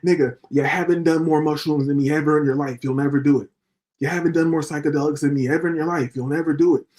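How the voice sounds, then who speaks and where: A man on a livestream, talking in a heated, profane rant. His voice sits a little high for a man, and he keeps circling back to rhetorical questions as he works himself up. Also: steady tone, quick pace, darkish tone. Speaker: livestream host.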